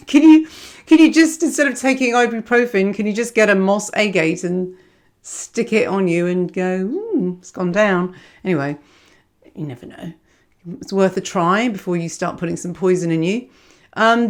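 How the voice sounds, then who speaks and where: A woman giving a casual astrology reading, rambling and self-mocking. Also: mid-range voice. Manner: rambling, digressive, self-mocking, laughs often.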